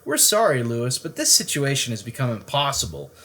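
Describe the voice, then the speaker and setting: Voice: medium pitch, huge pitch swings, brisk, a bit bright. A storybook reader voicing a pair of exasperated, fussing parents. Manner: declaring, fussing.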